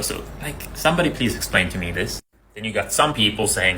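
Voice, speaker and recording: A man's voice: medium pitch, sing-song, brisk, a bit bright, a little hiss or hum, rough recording. A Swiss man with a Swiss Italian accent, talking to camera in a puzzled, rambling way and asking viewers for help. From Switzerland. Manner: puzzled, rambling, asks the audience directly. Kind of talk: casual to-camera monologue.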